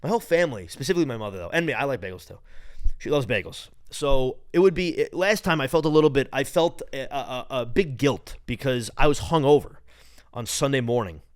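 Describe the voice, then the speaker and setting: A man's voice: medium pitch, lively intonation, a little fast, no room sound, studio quality. Profane, rambling New York guy. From New York, Long Island. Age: late 20s. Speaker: podcast host. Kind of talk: casual solo podcast rant.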